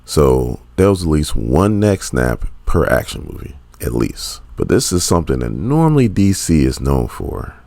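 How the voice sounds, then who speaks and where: A man in his forties recapping a comic in casual, animated storytelling. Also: very deep voice, moderate pace, creaky, hardly any pauses, no echo. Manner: animated storytelling, acting out characters. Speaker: comic book reviewer.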